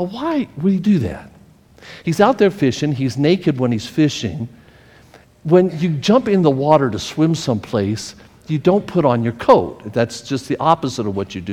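A man's voice: medium pitch, expressive, normal speed, a little mellow. Guy preaching in church, emotional storytelling, keeps repeating himself, big echoey hall sound. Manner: emotional, repeats and restarts phrases. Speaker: pastor. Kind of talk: sermon with personal storytelling.

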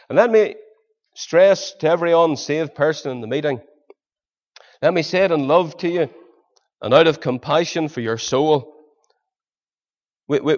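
A man preaching a sermon, pleading with his listeners through earnest rhetorical questions. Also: fairly high pitch. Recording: dull lo-fi sermon recording.

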